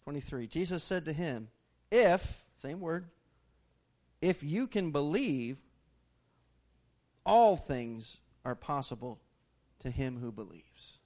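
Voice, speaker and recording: A man preaching a sermon to his congregation, swinging from loud, passionate rises to quiet asides and putting questions straight to the room. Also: fairly high pitch, slow pace, pauses often. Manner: animated preaching with sudden loud rises and soft drops; asks the congregation questions directly. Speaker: pastor.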